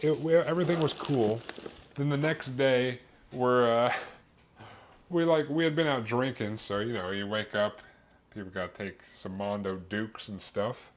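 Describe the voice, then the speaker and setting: A man's voice: medium pitch, a little hiss or hum. A young man streaming as he cooks in his kitchen, rambling through crude jokes and a long story as he works. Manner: rambling, crude jokes, talks while cooking. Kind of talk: casual cooking stream chat.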